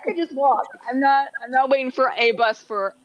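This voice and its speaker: A woman's voice: high voice, normal speed, highs cut off. A woman from the Washington, D.C. area chatting casually as a guest on a video call, laughing between thoughts. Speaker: livestream guest. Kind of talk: casual chat.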